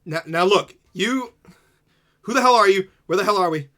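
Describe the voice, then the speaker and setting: A man voicing a panicked young man who shouts high and frantic questions. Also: normal speed. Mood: alarmed.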